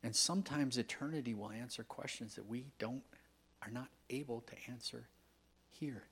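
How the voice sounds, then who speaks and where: A man preaching a sermon as a guest pastor, telling stories in a conversational way and swinging from hushed whispers to loud, emphatic outbursts. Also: medium pitch, moderate pace, a little hiss or hum.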